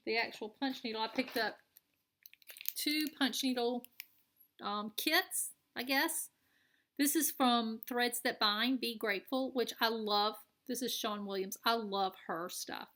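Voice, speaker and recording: A woman's voice: fairly high pitch, a bit bright, slight background noise. A woman with a Southern American accent chatting casually and enthusiastically while showing her craft purchases. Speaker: cross-stitch vlogger. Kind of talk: casual show-and-tell chat.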